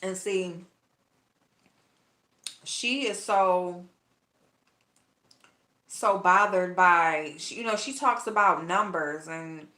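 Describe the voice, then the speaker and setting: A woman's voice: on the low side, slow pace, long pauses, pushed and bright, reverberant. A woman vlogger chatting bluntly with her viewers while cooking at home, gossipy and loose, calling them y'all. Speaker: vlogger talking to her live chat. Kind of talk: casual chat while cooking.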